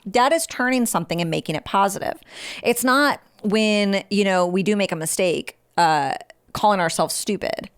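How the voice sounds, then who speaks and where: A woman's voice: medium pitch, lively intonation, moderate pace, clear, resonant tone. A woman hosting a motivational podcast, talking in a direct, frank and informal coaching way. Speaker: podcast host.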